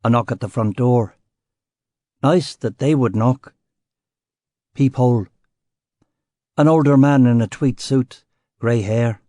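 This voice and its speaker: A man reads a first-person crime novel aloud with terse, wry phrasing. His voice sits mid-range and has a warm, mellow tone. The sound is close and dry. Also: medium pitch, takes it slowly, long pauses, no echo. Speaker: audiobook narrator.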